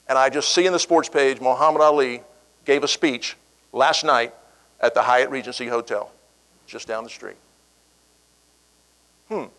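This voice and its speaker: A middle-aged man giving a speech, telling a personal story with animated delivery and acting out the voices of the people in it. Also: medium pitch, clean tone, low-quality recording. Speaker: keynote speaker.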